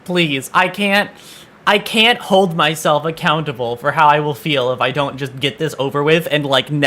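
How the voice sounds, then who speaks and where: A man chatting on a game stream with a slightly high, bright and edgy voice. He sounds exasperated, swears freely and keeps restarting his sentences as he vents. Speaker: VTuber streamer. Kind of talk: casual gaming stream chat.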